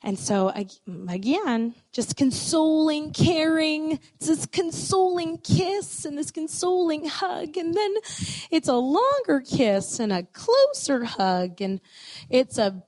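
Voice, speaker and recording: A woman telling a love story to an audience, animated and playful, often dropping into asides. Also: sits high, takes it slowly, dry recording. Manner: animated, expressive, playful, with many "like" fillers. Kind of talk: storytelling talk.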